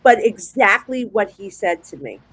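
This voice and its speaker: A woman's voice: mid-range voice, normal speed, husky, no echo, rough recording. Chatty New Jersey woman telling stories. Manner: chatty, rambling, animated storyteller with restarts. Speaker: psychic guest. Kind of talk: casual storytelling chat.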